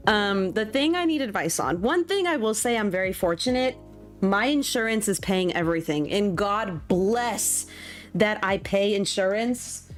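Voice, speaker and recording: Chatty, giggly young woman streamer. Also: medium pitch. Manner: chatty, self-mocking, giggly, many ums. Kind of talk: casual chat while streaming a game. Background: faint music.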